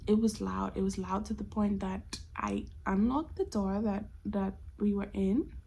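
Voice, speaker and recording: A woman in her twenties casually telling a personal story on her vlog, expressive and often dropping to a whisper. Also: medium pitch, unhurried, vocal fry, husky. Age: 20s. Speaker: storytime vlogger.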